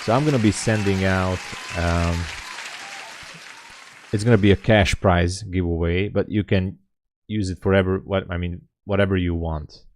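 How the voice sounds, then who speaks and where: A man's voice: sits low, fairly even intonation, moderate pace, some chatter behind, slight background noise. A man hosting a live day-trading stream, chatting casually with viewers and greeting them by name. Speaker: livestream host and day trader. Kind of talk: casual livestream chat.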